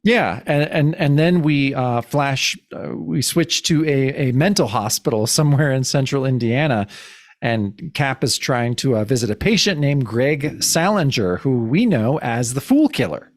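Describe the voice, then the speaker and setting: A man joins a podcast as a guest and recaps a comic in a casual, giggly way. He keeps tripping into restarts as he talks. His voice sits at a middling pitch and sounds dry and close to the mic. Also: animated, unhurried, dry recording. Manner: laughs often, stumbling restarts.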